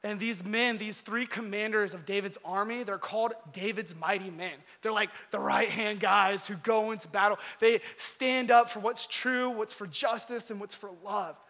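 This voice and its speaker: A man giving a casual storytelling sermon, animated and slangy. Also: sits high, moderate pace, hardly any pauses. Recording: long hall reverb.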